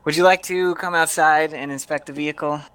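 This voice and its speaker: Male player speaking in character, stiff formal phrasing, bright forceful voice. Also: on the high side, steady tone, smooth, dry recording. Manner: formal, measured. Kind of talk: in-character speech in a tabletop game.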